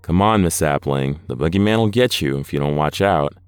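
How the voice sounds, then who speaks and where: A man voicing an intimidating, swaggering male nursing aide with a rumbling voice and a cool, quietly threatening manner. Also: animated, brisk, smooth, no room sound.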